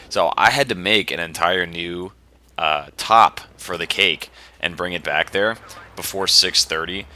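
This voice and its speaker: A young man hosts a podcast and rambles through an exasperated story in a loose, casual way. His voice sits fairly low but has a bright, forceful edge. A faint hiss of noise runs under the recording. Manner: rambling, exasperated, animated retelling. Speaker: podcast host.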